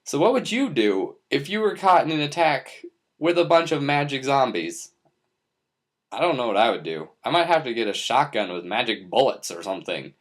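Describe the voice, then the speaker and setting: A young man talks straight to the camera, rambling through his thoughts in a goofy, playful way. His voice swings up and down a lot, full of lively bursts. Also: medium pitch, normal speed. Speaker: vlogger. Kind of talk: unscripted monologue to camera.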